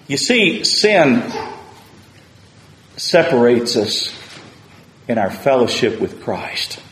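A man's voice: medium pitch, very animated, slow, fairly bright tone, a little hiss or hum. A man preaching a sermon, paraphrasing scripture and building to fervent calls. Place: church sanctuary. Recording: roomy church echo.

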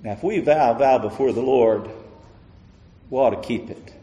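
A man preaching a sermon in a church, pleading and passionate, then dropping to a hushed, intimate tone. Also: mid-range voice, moderate pace, dull audio. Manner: impassioned, swings from loud pleading to hushed near-murmur. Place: church sanctuary. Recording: echoey hall with long reverb.

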